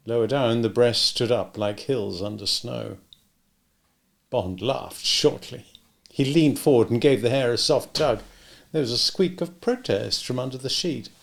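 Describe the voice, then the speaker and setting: A man narrating a novel aloud in a measured, even reading voice. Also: mid-range voice, creaky. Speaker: audiobook reader. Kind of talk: scripted narration.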